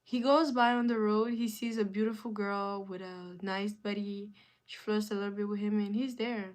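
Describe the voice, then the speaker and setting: A woman's voice: medium pitch, fairly even intonation, normal speed. A woman hosting a live stream in casual chat, answering viewer comments with emphatic, repeated phrases.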